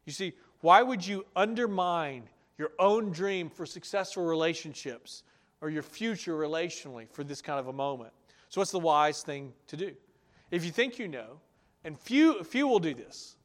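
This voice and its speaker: A male pastor giving a sermon, acting out his listeners' objections and then dropping to a soft, earnest tone to reassure them. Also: fairly high pitch. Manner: animated, acts out listeners' objections in raised voices.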